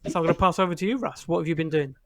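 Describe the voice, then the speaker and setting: Relaxed man, slightly high voice. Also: very fast, creaky, no echo. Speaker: podcast co-host. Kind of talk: casual chat.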